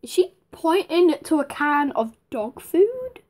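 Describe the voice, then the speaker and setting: High-voiced Manchester woman, blunt and chatty. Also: very animated, slow, a little mellow, a little hiss or hum. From Manchester, England. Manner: chatty, blunt and sarcastic, swears freely. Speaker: streamer reacting to videos. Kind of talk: casual reaction commentary. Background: music from the played video.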